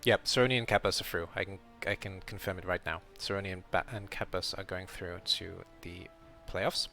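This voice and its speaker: A man's voice: low voice, fairly even intonation, moderate pace, vocal fry, bright, forceful tone, soft background music. A man streaming a casual round-up of his game league as host, rambling and correcting himself as he thinks aloud.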